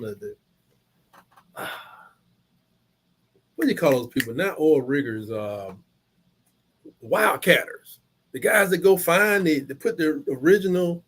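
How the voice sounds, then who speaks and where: Lively high-voiced man chatting. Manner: rambling storytelling with colloquial slang. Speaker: live stream host. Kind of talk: casual game watch-along chat.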